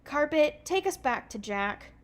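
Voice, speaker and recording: A woman's voice: sits high, very animated, measured pace, pitched above the performer's own voice. A woman reading aloud and voicing a bold older girl who speaks firmly and directly.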